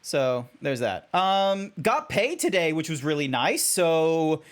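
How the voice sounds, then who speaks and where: A man's voice: on the high side, sing-song, slow pace. An Australian man streaming as a VTuber, chatting casually and rambling with many fillers and restarts. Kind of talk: casual livestream chat.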